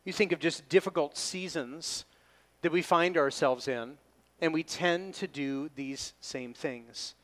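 A pastor preaching an expository sermon, leaning hard on key words and slowing down when he reads scripture. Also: on the high side, a bit bright. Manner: emphatic, slows down to stress scripture readings.

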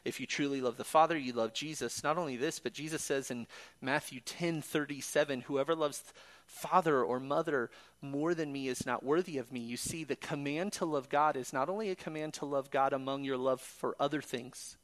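A man's voice: a little high, moderate pace. A man preaching a sermon in an earnest way, quoting scripture and building to emphatic peaks.

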